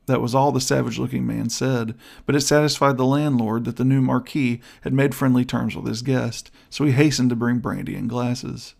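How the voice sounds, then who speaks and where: Gravelly male audiobook narrator. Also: medium pitch, steady tone, fairly quick, a little mellow. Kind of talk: scripted narration.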